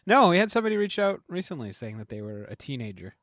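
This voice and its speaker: A man's voice: fairly high pitch, sing-song, quick pace, a bit bright, dry recording, clean studio sound. A man co-hosting a podcast, chatting casually and thinking back on his own memories. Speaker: podcast co-host. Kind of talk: casual chat.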